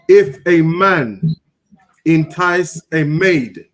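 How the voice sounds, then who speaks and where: Very slow man reading scripture. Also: a little high, expressive, fairly bright tone. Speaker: scripture reader. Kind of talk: reading verses aloud.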